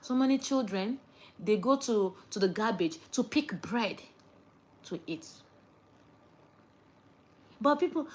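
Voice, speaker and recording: A young woman, lecturing viewers in a casual chat to camera and swinging between loud outbursts and hushed asides. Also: mid-range voice, animated, measured pace, long pauses. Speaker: vlogger.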